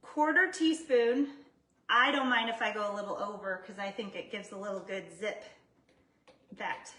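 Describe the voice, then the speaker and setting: Woman, home cook on a livestream, casual and self-mocking, bright voice, echoey kitchen, often off-mic. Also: mid-range voice, steady tone, moderate pace, recorded from a distance. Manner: chatty, self-deprecating, greets viewers by name. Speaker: jewelry maker cooking on a livestream. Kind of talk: casual live cooking chat.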